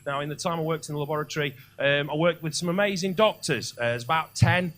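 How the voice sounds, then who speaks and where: Man, stand-up comedian, high voice, sweary, shouty punchlines. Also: fast talker, no room sound. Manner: loud, sweary, building to shouts.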